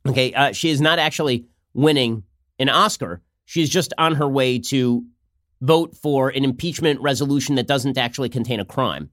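A man hosting a political commentary show, talking fast with a sarcastic, mocking manner. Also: medium pitch, lively intonation, fairly bright tone, no echo, clean studio sound. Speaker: host.

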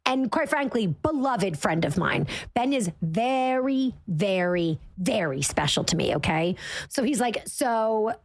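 A woman's voice: medium pitch, big pitch swings, unhurried, no room sound. A woman hosting a podcast in casual chat, chatty and self-deprecating, peppering her talk with "like". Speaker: podcast host.

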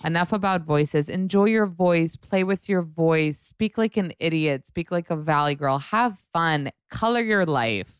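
Low-voiced, slightly hoarse woman. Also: measured pace, hardly any pauses, dry recording, studio quality. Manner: chatty, swears casually, puts on playful voices. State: a little hoarse. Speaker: podcast host. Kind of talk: casual chat.

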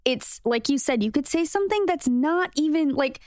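A woman's voice: high voice, lively intonation, moderate pace, darkish tone, no echo, studio quality. A young woman guesting on a podcast, speaking frankly and bluntly about her opinions in casual chat.

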